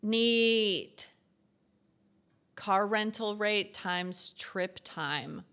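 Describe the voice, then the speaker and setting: A woman's voice: medium pitch, extremely slow, bright, forceful tone, smooth. A young woman streaming as she codes, thinking aloud and reading lesson text half to herself. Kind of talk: casual coding stream commentary.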